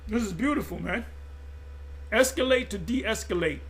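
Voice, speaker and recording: A man's voice: high voice, expressive, normal speed, a bit bright. A man preaching in an impassioned monologue, emphatic and repetitive, often stumbling and restarting mid-phrase. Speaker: religious group teacher.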